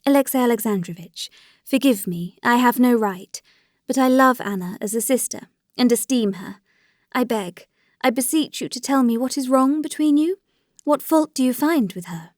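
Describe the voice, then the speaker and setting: A woman's voice: lively intonation, normal speed, a little mellow, no room sound, clean studio sound, lightly acted. A woman voicing a desperate pleading noblewoman. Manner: pleading, rising to high distress. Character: anguished noblewoman pleading for her friend.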